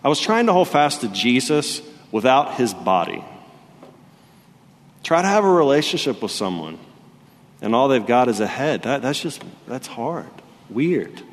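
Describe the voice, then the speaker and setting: Young male pastor, animated storyteller, mid pitch, long hall reverb. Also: a little slow. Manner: animated storytelling, gets loud and high when excited. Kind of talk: sermon.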